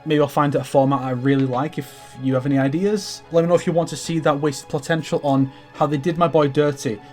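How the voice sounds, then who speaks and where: A fairly high but darkish male voice belongs to a young comics vlogger giving a casual tour of his collection. He's keen and foul-mouthed, rambling along and frequently starting his sentences over.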